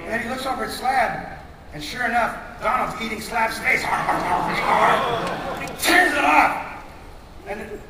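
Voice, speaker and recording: Animated man pitching a cartoon in a hall. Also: moderate pace. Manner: animated, acts out scenes. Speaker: cartoon creator pitching a show. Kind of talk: animated storytelling pitch to a panel audience. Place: large convention hall. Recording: echoey hall from far off, noisy.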